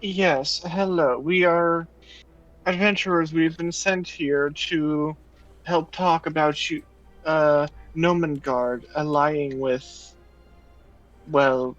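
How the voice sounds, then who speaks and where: A man's voice: fairly high pitch, fairly even intonation, takes it slowly, fairly bright tone, faint music behind. Man playing a tabletop game, lo-fi mic. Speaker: player. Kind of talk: in-character tabletop play.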